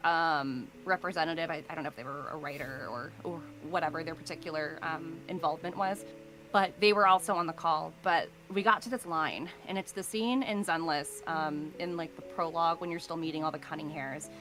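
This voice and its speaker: A woman's voice: low-pitched, steady tone, fairly quick, fairly bright tone, faint music behind, poor audio. A woman voice actor chatting as an interview guest, rambling with many fillers and easy laughs. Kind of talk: casual interview chat.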